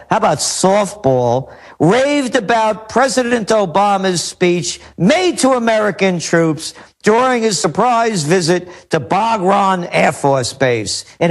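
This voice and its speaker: A man speaking as a guest forecaster in a talk radio interview, indignant and scornful. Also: high-pitched.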